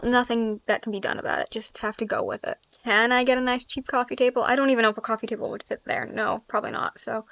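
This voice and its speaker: A woman's voice: on the high side, fairly bright tone, no echo. A woman giving casual gameplay commentary, chatty and thinking aloud with frequent laughs. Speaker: gaming YouTuber. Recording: dry, slightly dull sound.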